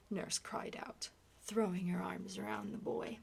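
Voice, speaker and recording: A woman reading a novel aloud in a hushed, soft-spoken ASMR style, partly whispered. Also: medium pitch, fairly even intonation, a little slow, vocal fry, breathy edge. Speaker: ASMR reader.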